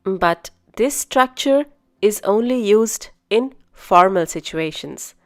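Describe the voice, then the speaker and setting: A woman teaching a beginner language lesson, speaking slowly and carefully and repeating each phrase. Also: medium pitch, expressive, soft background music. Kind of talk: scripted language lesson narration.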